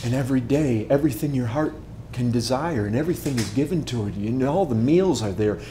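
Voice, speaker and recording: Preacher painting a vivid story. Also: male voice, mid-range voice, lively intonation, brisk, reverberant, a little hiss or hum. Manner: vivid storytelling, swings from loud to hushed. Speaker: pastor. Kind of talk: sermon. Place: church sanctuary.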